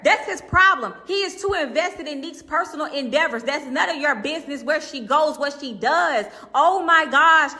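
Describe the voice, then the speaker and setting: A woman's voice: high-pitched, animated, normal speed, few pauses, bright, forceful tone. A woman hosting a commentary channel, ranting in a blunt, profane, sassy way. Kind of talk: drama commentary rant.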